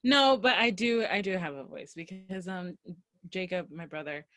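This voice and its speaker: Woman, young adult, podcast co-host, casual chat, relaxed, dry close recording. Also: on the low side, normal speed, no room sound, soft background music. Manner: relaxed, laughs easily.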